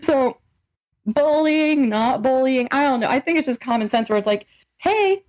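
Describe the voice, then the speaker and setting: A woman's voice: high-pitched, normal speed, darkish tone. A young woman co-hosting a podcast in casual chat, blunt and swearing freely as she acts out quoted exchanges. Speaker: podcast co-host.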